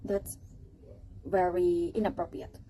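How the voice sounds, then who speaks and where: A woman's voice: on the low side, little pitch movement, slow, mellow, slight background noise, rough recording. A woman presenting a teaching project to a class, hesitant, with fillers and restarts.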